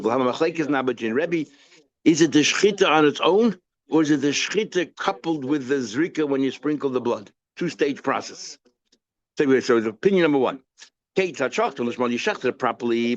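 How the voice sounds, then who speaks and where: A male rabbi with a medium-pitched voice gives a casual lecture on the daily Talmud page, posing questions and answering them himself. He blends English with Hebrew and Yiddish terms, and the recording has its highs cut off.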